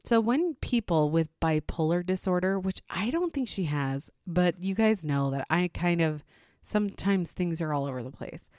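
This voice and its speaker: A woman's voice: fairly low pitch, expressive, moderate pace, darkish tone, no echo, clean studio sound. A woman in her thirties, tired after a sleepless night, casually telling a rambling story about her night with a self-mocking laugh. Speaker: podcast host.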